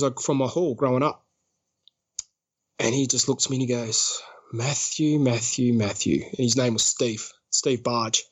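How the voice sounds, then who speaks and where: An Australian man talks casually as a podcast guest, at a mid pitch, and tells his story with energy. He acts out other people's lines in quick bursts and laughs often.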